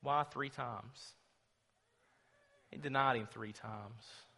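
A man preaching a sermon, telling the story dramatically and swinging between loud and hushed. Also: mid-range voice, slow pace, creaky. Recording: long reverb of a large hall.

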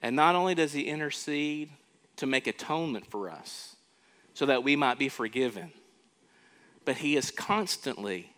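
Slow, emphatic male preacher. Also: mid-range voice, a bit bright. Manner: emphatic, asks the congregation rhetorical questions; repeats words when building a point. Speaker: pastor. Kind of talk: sermon.

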